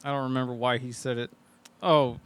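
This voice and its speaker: A man's voice: medium pitch, steady tone, a little fast, smooth, no echo. A man co-hosting a podcast, casually recapping a movie and swearing a lot while acting out characters' lines. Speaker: podcast co-host.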